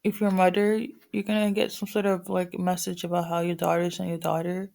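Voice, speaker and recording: A woman's voice: fairly low pitch, little pitch movement, brisk, creaky, a little mellow. A woman with a morning voice giving a casual spiritual reading to viewers, rambling with many fillers and restarts. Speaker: spiritual reader.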